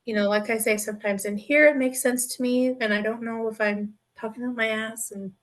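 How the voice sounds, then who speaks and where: A woman's voice: a little high, steady tone, a little fast. A woman co-hosting a podcast in casual chat, rambling and earnest, often checking in with "right?". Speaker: podcast co-host.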